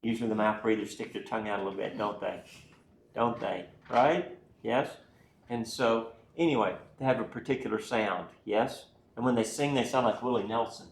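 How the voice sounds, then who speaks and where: A male anatomy instructor lectures a class in a folksy manner, constantly checking in with "right?" and "okay?" His voice is fairly low and creaky at a moderate pace. He sounds far away in an echoey room, with a little hiss or hum.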